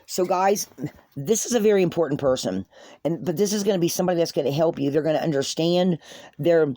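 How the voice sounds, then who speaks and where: A woman's voice: on the low side, fairly quick, dark tone, dry recording. Earnest, rambling woman tarot reader. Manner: earnest, repetitive, rambling, addresses viewers as guys. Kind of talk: spoken tarot reading to viewers.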